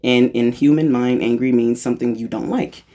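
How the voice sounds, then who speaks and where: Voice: steady tone, moderate pace, mellow. A spiritual channeler giving a casual freestyle monologue, rambling and correcting themselves, with a playful, self-mocking humor. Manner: playful and self-mocking, jumps into high-pitched voices for quotes; rambling, restarts and corrects itself.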